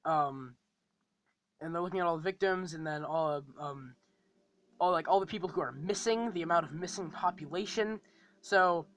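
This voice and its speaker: A man's voice: high-pitched, a bit bright, poor audio. A man casually running through a fan series plot and casting call, rambling with frequent ums and restarts.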